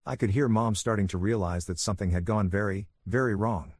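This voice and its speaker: A man calmly narrating a first-person story in an even, soothing manner. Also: on the low side, a little fast, breathy edge, no echo.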